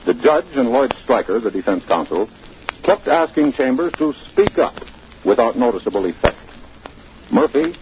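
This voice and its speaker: Brief: male radio correspondent, lively pitch, measured courtroom report, muffled vintage sound. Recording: dull old radio broadcast with faint hiss.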